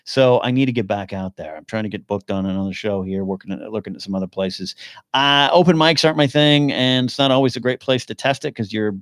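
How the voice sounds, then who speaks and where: A man's voice: on the low side, a little fast, a bit bright, smooth, no echo, clean studio sound. A man hosting his own live podcast, rambling and thinking aloud while he answers questions from the chat. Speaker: podcast host. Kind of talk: casual live-stream chat.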